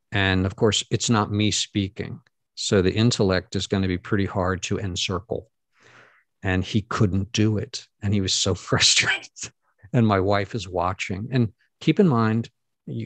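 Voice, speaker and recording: A middle-aged man with a fairly low voice tells personal stories in an earnest, meandering way, full of asides. The sound is dry and close, with no room around it. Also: no room sound. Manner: earnest, storytelling, rambling asides. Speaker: guest. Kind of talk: casual conversation.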